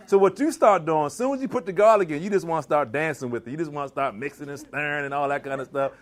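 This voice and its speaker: A man from Maryland giving an animated live cooking demonstration in a church hall, teasing and quizzing his audience. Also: a little high, fast, few pauses. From Maryland, US East Coast. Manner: animated, teasing, asks the crowd questions. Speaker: chef giving a cooking demo.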